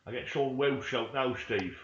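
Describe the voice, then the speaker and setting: Playing a roleplay game, a gaming streamer chats casually with friends and rambles and mumbles to himself while things load. His medium-pitched voice is a bit bright and a little slow, and the echoey room adds dull lo-fi sound with a little hiss or hum.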